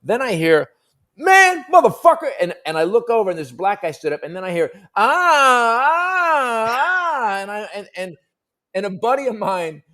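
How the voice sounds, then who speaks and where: A middle-aged comedian telling a profane stage story on a talk panel, jumping into high, loud voices for the people in it. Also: male voice, a little fast. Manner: profane, punchy anecdote telling. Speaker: comedian guest.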